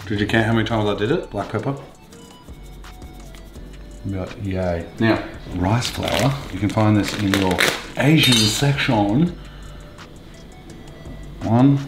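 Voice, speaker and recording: A man's voice: fairly low pitch, takes it slowly, pauses often, reverberant, music in the background. An Australian man hosting a casual cooking show, joking crudely and swearing constantly as he cooks in a kitchen. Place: home kitchen.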